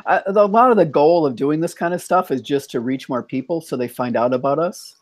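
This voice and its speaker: A man's voice: on the high side, a little fast, no room sound. An American man hosting a casual online chat, thoughtful, often restarting his sentences. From United States. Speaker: host.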